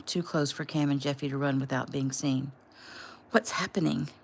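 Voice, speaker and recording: A woman casually reading her own novel aloud at home in a plain, unhurried way. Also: sits low, a little hiss or hum. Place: home room.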